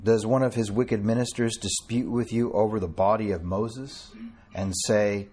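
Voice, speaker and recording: A man preaching an earnest sermon to a small congregation, quoting scripture and slowing down to stress key words. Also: fairly low pitch, steady tone, warm tone, breathy edge. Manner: quotes King James scripture with a chuckle between.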